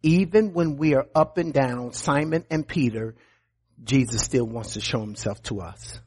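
A man preaching a sermon as pastor, emphatic, often repeating words and dropping to quiet low lines. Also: normal speed, slightly rough.

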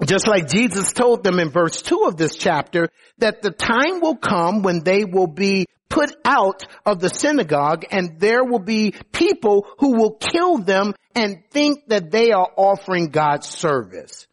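A male pastor preaching a sermon, animated, often restarting words, rising to shouts when worked up. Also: high-pitched.

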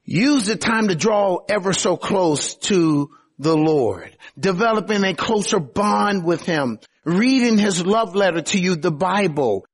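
A man preaching a sermon, explaining scripture in an emphatic, conversational way with sudden swings between loud and quiet. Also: high-pitched, expressive, unhurried, few pauses, husky. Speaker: pastor.

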